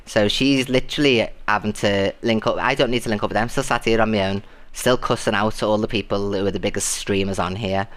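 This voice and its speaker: A British man live streaming, chatting casually and thanking viewers, often shrieking with excitement. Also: lowish voice, fairly quick. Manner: animated, shrieking with delight at gifts.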